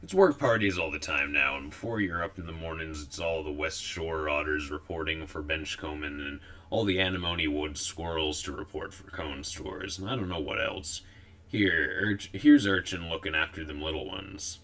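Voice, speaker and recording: A man voicing a smug, gossiping young female squirrel with a squeaky, prim voice. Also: normal speed, a bit bright. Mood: chattering.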